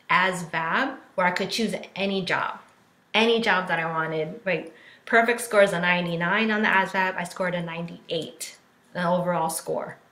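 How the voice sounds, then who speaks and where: A woman's voice: fairly low pitch, sharp tone. Candid woman coach on a roomy live stream. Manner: candid, chatty, many fillers, acts out quotes. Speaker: life coach. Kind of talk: casual live-stream talk. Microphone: phone or laptop for a live stream. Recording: roomy echo.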